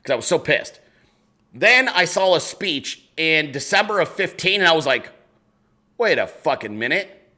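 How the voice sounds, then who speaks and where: A man's voice: a little high, sing-song, normal speed, bright, forceful tone. A man hosting a casual chat show, reading viewer emails aloud and answering them in a loose, profane, laughing way.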